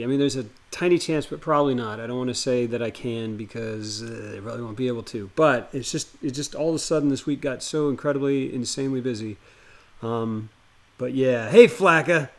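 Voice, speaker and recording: A man's voice: medium pitch, animated, brisk. A man streaming live, chatting loosely with viewers and greeting them by name before reading a horror story aloud.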